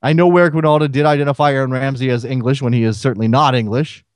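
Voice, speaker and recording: A man's voice: medium pitch, steady tone, rapid-fire, no echo. A man hosting a solo sports talk radio show, firing rhetorical questions at listeners.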